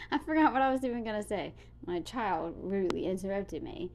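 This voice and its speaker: A woman's voice: medium pitch, expressive, normal speed, a little mellow, slight background noise. A woman vlogger chatting casually to her viewers in a rambling way, full of "like". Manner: chatty, rambling, with frequent fillers like "like". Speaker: reaction vlogger.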